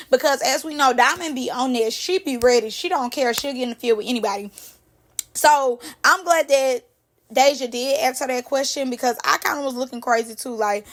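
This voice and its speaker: Young woman, high voice, lively slangy gossip recap, talks straight to camera. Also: moderate pace. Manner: animated, slangy storytelling. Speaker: reality TV recap host.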